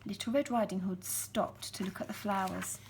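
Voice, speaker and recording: A woman gently reading a children's storybook aloud, slow and expressive. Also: medium pitch, vocal fry, slight background noise.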